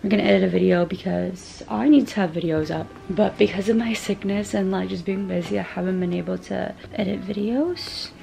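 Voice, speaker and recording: A hoarse young woman who has lost her voice, chatting casually and rambling in a home vlog, often trailing off mid-sentence. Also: mid-range voice, fairly even intonation, brisk, hardly any pauses, mellow, slight background noise, low-quality recording. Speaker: vlogger. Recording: music playing behind the voice.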